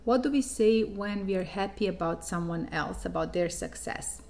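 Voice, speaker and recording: A young woman whose first language is Serbian, teaching a language in a patient, clear way. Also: mid-range voice, a little mellow. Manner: patient, explains slowly and clearly. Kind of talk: online language lesson.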